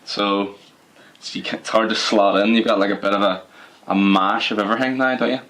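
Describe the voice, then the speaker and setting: A man's voice: lowish voice, fairly even intonation, brisk, a bit bright. A young man from Northern Ireland with a Northern Irish accent, hosting a podcast in a jokey, casual way. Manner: laughs often, jokey. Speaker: podcast host. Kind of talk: casual chat.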